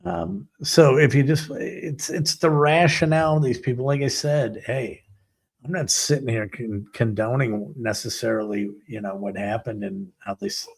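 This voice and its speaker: A man's voice: mid-range voice, normal speed, gravelly, slightly rough. A man hosting a sports talk show, ranting in a sarcastic, rambling, exasperated way. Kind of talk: ranting commentary.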